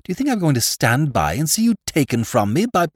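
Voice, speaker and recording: A man's voice: medium pitch, very animated, measured pace, a little mellow, dry recording, studio quality, voice pushed up. A man reading aloud voices an ardent young man who speaks urgently and with rising passion. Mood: impassioned. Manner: urgent, pressing, growing impassioned.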